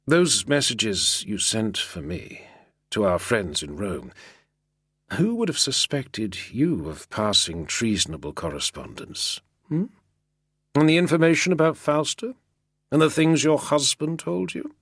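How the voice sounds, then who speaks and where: A man's voice: medium pitch, sing-song, measured pace, fairly bright tone, slightly rough, no echo, clean studio sound, pitched above the performer's own voice, exaggerated voice. Man voicing a sardonic drawling schemer. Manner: artful sardonic drawl, purring. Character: sly sardonic male schemer, smooth and persuasive. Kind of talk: audiobook character reading.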